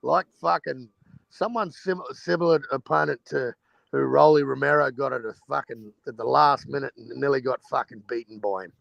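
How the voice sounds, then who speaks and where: A man's voice: medium pitch, moderate pace, gravelly, a bit bright, dry recording, lo-fi sound. A man on a boxing panel chat, talking emphatically and swearing freely as he makes his points. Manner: emphatic, swears freely, calls others bro. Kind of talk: heated online panel chat.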